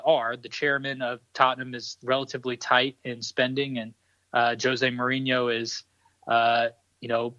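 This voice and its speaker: A man co-hosting a casual sports podcast, giving measured analysis with frequent pauses. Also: medium pitch, pushed and bright, no echo. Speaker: podcast co-host. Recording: dull, dry home recording.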